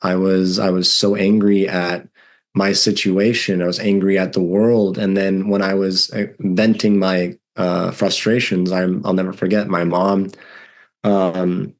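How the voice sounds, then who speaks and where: A man in his thirties with a fairly low voice speaks as a guest. He tells his story candidly, in an earnest and emphatic way, leaning into the strong feelings he describes. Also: little pitch movement, a little slow. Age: 30s.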